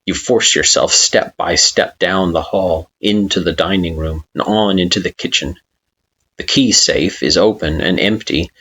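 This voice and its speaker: A man reading a fan-fiction story aloud with slow, expressive narration. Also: deep voice, husky. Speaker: story reader.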